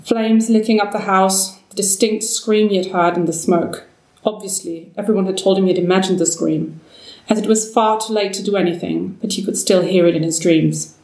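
A woman narrating a story aloud in a measured, steady way. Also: mid-range voice. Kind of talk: storybook reading. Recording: roomy, distant mic.

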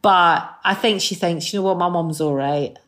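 A woman's voice: lowish voice, normal speed. A middle-aged Scottish woman, a guest singer on a chat show, telling anecdotes and acting out the voices in them. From Scotland. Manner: animated storyteller, acts out voices in anecdotes.

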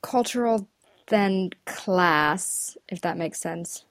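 A woman's voice: fairly low pitch, takes it slowly, dry recording. Thoughtful woman dialect coach, dry sound. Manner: thoughtful, many ums and restarts. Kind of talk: casual interview conversation. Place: lives in the UK.

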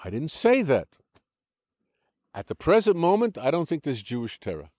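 A man's voice: fairly high pitch, wildly swooping pitch, normal speed, a little mellow, no echo. An older man with an American accent, explaining and arguing his views in a conversational interview, often restarting his sentences. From United States. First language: English. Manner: argumentative, explanatory, frequent restarts.

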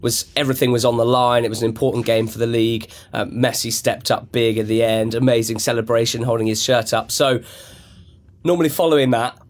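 A man's voice: medium pitch, steady tone, a little fast, slight background noise. A man on a football panel in a studio, talking eagerly and enthusiastically in long runs. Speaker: pundit guest. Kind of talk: casual football chat.

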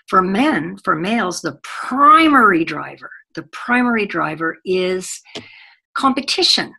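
A woman's voice: lowish voice, breathy edge. A middle-aged woman giving a conference talk as a workplace trainer, telling stories with animation. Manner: animated storytelling, acts out quoted children. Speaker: corporate gender trainer.

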